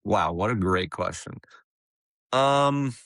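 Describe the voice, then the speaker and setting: A young man with a low, deep voice recounts a story in a casual podcast chat. He is animated, laughs often and restarts his phrases. The sound is dry and close. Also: slow, no room sound. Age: young adult. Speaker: caddie, podcast guest.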